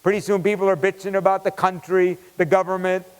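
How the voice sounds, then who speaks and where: Guy giving a keynote, storytelling, fairly high voice, long reverb from a big hall. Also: fairly quick, clean tone. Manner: animated, conversational storytelling. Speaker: keynote speaker.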